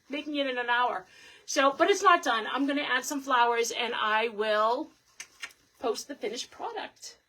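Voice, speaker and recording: Woman craft host with a fairly high voice, chatty and upbeat, talking to viewers while she works. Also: fairly bright tone. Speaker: host of a live wreath-making stream. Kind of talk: casual livestream chat while crafting.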